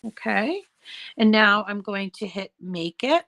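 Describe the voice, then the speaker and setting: Slow-talking hoarse woman crafter. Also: mid-range voice, animated, bright, forceful tone. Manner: chatty, step-by-step with fillers and throat clearing. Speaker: crafting channel host. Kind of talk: casual craft tutorial.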